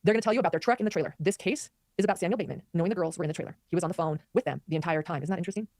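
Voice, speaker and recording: Woman host rattling off commentary super fast, slightly low voice, dry close mic. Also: no room sound. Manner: fast, animated, reads viewer comments aloud. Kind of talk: live commentary chat.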